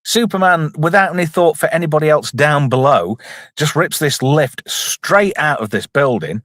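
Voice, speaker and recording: A man's voice: on the high side, normal speed, a bit bright, no echo, studio quality. A man giving jokey, casual live commentary on a film and reading out chat messages. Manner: jokey, reads out chat, puts on silly voices. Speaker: streamer reviewing a film.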